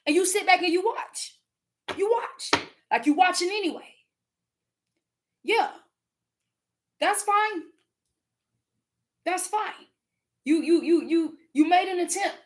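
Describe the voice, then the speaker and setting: A woman with a Southern US accent, talking in a casual spiritual vlog, animated and profane, often laughing and repeating words. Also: very high-pitched, slow, long pauses. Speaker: spiritual content creator.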